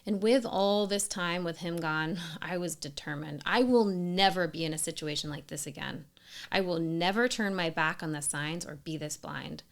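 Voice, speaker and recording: A woman in her thirties telling her own story in scripted narration, earnest and emphatic, sometimes dropping to a soft whisper. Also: lowish voice, moderate pace, gravelly. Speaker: storyteller sharing a personal experience.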